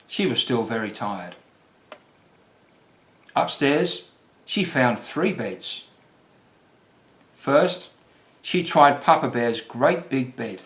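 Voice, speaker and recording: A man reading a children's fairy tale aloud as the storyteller, gentle and unhurried. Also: mid-range voice, very animated. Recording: roomy echo.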